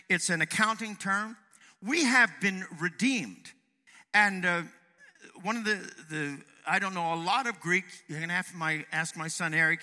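Brief: middle-aged male pastor, lively and emphatic, bright cutting tone. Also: sits high. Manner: emphatic, swings from loud to hushed. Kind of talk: sermon. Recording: long hall reverb.

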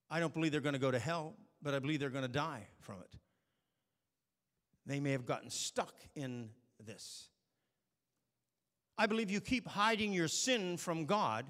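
Man, preacher, bright voice, fairly high, storytelling sermon, long hall reverb. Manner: storytelling, swings from quiet asides to shouted warnings.

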